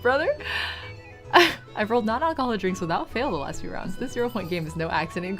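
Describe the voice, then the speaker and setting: A woman's voice: medium pitch, lively intonation, fast, soft background music. A woman streamer chatting casually and giggling as she plays through a game and reacts to its scenes. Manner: giggly, playful, reacts loudly. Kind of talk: casual let's-play commentary.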